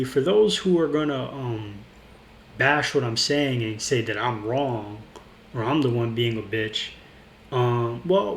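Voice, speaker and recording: Man, casual rambling storytelling, indignant tone, roomy echo, faint background hum. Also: medium pitch. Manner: rambling, indignant, with frequent restarts and fillers. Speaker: vlogger.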